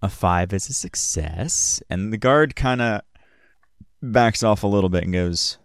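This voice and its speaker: A man's voice: on the low side, unhurried, clear, resonant tone, no room sound, studio quality. A man who narrates a tabletop game as game master in a hesitant way, with many fillers.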